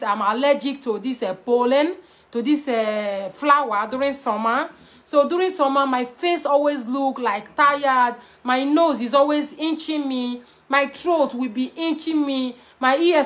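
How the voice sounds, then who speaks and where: A woman with a Nigerian Pidgin English accent talks straight to camera in a high voice. She is blunt and animated, slipping between Pidgin and plain English as she talks. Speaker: vlogger giving marriage advice. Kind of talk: casual to-camera talk.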